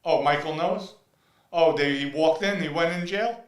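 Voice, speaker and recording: A man's voice: on the high side, moderate pace. A man hosting a casual live chat show, talking emphatically and repeating words for stress. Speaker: livestream host.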